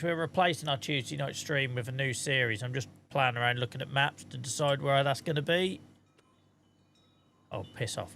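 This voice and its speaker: A man's voice: mid-range voice, pushed and bright, a little hiss or hum. A man chatting casually on a live stream while he plays a game, thanking viewers and muttering asides to himself.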